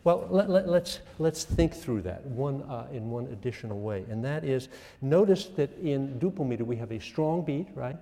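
Older male music professor, mellow voice, lively lecturing, echoey hall. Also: mid-range voice, normal speed. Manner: lively, self-mocking, asks the class questions. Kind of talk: classroom lecture.

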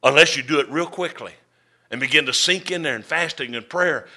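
A middle-aged man preaching a storytelling sermon, folksy and drawling, swinging between loud and soft. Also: mid-range voice, normal speed, pauses often. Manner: folksy, drawling Southern-style delivery with dramatic swings in volume.

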